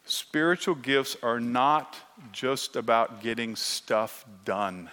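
Earnest preacher in a reverberant hall. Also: male voice, mid-range voice, takes it slowly. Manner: emphatic, earnest, grows emotional and quiet. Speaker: pastor. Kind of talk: sermon.

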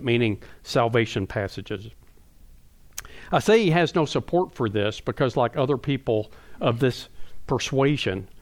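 Man giving an emphatic theology talk. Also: mid-range voice. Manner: emphatic, conversational, explains terms plainly. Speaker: conference speaker. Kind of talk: theological lecture to a live audience. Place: conference hall.

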